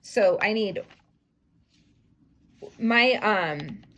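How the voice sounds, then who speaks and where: A woman teaching a young class to write a sentence, slowly sounding out each word, syllable and letter and often dropping to soft, half-whispered phonics sounds. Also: mid-range voice, poor audio. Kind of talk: early-grade writing lesson, sounding out words.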